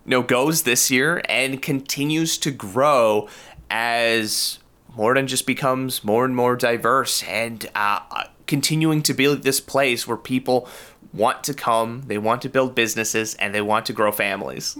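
Guy hosting a local interview, bright sharp voice, friendly. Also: mid-range voice, unhurried. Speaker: interviewer host. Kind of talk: community interview.

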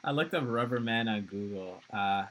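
A man co-hosting a casual podcast, joking and rambling with quick laughs. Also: fairly low pitch, fairly bright tone, low-quality recording. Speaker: podcast co-host. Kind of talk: casual chat.

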